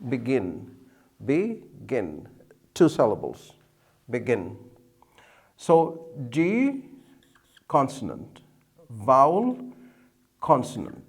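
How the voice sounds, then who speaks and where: Slow, deliberate male teacher. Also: mid-range voice, a little mellow. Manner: slow, deliberate, repeats key words. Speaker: English teacher. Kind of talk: explaining at a whiteboard.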